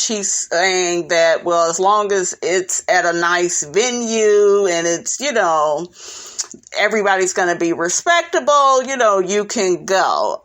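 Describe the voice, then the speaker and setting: Sassy gossiping woman, lively pitch. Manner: sassy, gossipy, calls listeners honey and child. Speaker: recap host. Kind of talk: casual reality TV recap.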